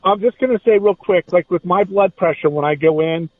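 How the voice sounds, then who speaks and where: A man co-hosting a podcast speaks casually in a somewhat high voice. His sound is dry and thin, like a phone line. He mostly asks questions. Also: a little fast, no echo. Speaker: podcast co-host asking questions.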